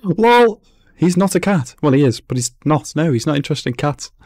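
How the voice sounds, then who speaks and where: A man's voice: on the high side, expressive, normal speed, a little mellow, dry recording, clean studio sound. A man giving casual, amused running commentary while reacting to an anime episode, laughing often.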